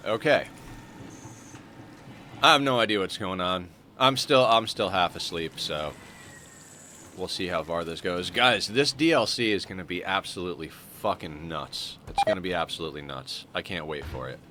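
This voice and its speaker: A man's voice: deep voice, animated, moderate pace, bright, forceful tone, slight background noise. A man casually commenting on his game as he plays, stuffed up with a morning voice and rambling with fillers as he thinks aloud. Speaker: streamer playing a colony sim.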